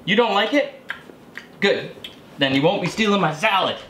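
A man with a high-pitched, lively voice speaks at normal speed, laughing often as he teases and chats playfully at a home lunch table. He's the host of a survival vlog channel, talking casually with family to the camera in a reverberant room with a noisy background.

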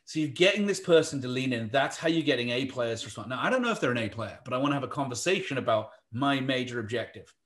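An English-accented man leads a virtual workshop, talking quickly and breaking into wry joking asides. His voice sits at an ordinary middle pitch for a man. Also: expressive, fairly bright tone. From England. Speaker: workshop presenter. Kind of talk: live virtual workshop talk.

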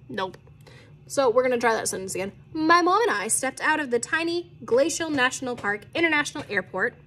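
A woman's voice: high voice, pushed and bright. A woman teacher reading a children's novel aloud to her class, playful and laughing at her own slips in casual asides.

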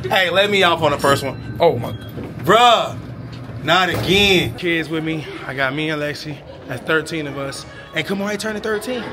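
A man hosting a casual family vlog, loud and playful, hyping up a group of kids with lots of slang while walking through a mall. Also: a little high, moderate pace. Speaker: vlogger and dad. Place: indoors, busy shopping mall. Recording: noisy crowded mall audio. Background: crowd chatter and noise.

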